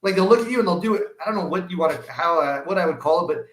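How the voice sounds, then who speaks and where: A middle-aged man in casual podcast chat, telling lively stories and acting out the dialogue. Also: high voice, rapid-fire, echoey room, low-quality recording. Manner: animated storyteller, acts out dialogue.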